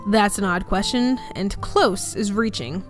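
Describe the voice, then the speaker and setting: A woman voicing a surly, defensive young werewolf man in a game playthrough, pushing her voice deeper and sounding gruff and scoffing. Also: measured pace, faint music behind, lightly acted. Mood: bitter. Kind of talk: voicing a character in a visual novel playthrough.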